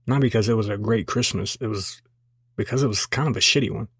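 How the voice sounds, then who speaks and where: A man in his twenties, a podcast host, casually telling a childhood story in a relaxed, self-deprecating way. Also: on the low side, quick pace, husky, dry recording, clean studio sound.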